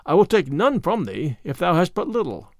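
A bold outlaw with a mock-courtly, commanding manner, voiced by a male reader. His delivery is animated and a touch high. The recording is dry and close. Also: normal speed, vocal fry, dry recording, full character voice. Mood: stern.

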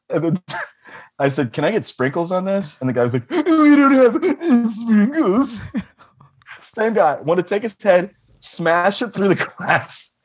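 Husky, animated male storyteller. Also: high voice. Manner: animated, rambling, laughs often, swears. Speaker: podcast guest. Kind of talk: casual comedic storytelling.

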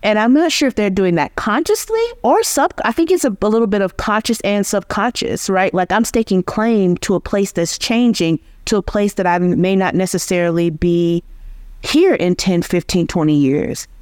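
A woman's voice: mid-range voice, normal speed, a little mellow, no room sound, studio quality. A woman linguist, a guest on an interview, explaining speech patterns patiently and often checking in with "right?".

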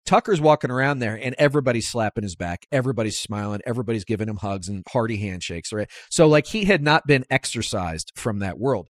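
A man hosting a political talk podcast, speaking emphatically and climbing in pitch as he drives his points home. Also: fast, hardly any pauses, no room sound, studio quality. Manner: animated, emphatic, rises sharply when making points. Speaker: podcast host. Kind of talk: conversational political interview.

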